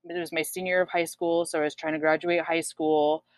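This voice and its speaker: A woman's voice: sits low, flat delivery, fairly quick, no echo. A woman in her twenties, telling her own story frankly in a casual chat, swearing often and using many fillers. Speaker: guest sharing her story.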